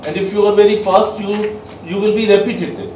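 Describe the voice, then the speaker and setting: A man giving a soft skills lecture to a class, emphatic and quizzing his listeners. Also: high voice, steady tone, a little fast, slight background noise. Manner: emphatic, asks the class questions. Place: training room with a class. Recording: echoey room, mic far off.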